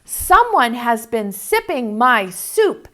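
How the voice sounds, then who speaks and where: A woman's voice: fairly high pitch, sing-song, slow, pushed and bright, exaggerated voice. A woman voicing a fussy mother polar bear who huffs and growls in a storybook read-aloud. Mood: huffy. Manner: huffing, growling.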